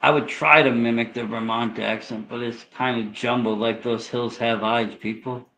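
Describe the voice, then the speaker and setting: A man's voice: mid-range voice, steady tone, normal speed, pushed and bright, slight background noise, rough recording. A man from Massachusetts with a Boston accent, co-hosting a casual late-night chat with joking, profane banter. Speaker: co-host.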